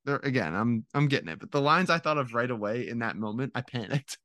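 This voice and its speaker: A man's voice: mid-range voice, lively intonation, fast, fairly bright tone, no room sound, clean studio sound. A young man chatting casually with friends on a podcast, rambling as he explains himself. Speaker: podcast co-host. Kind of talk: casual chat among friends.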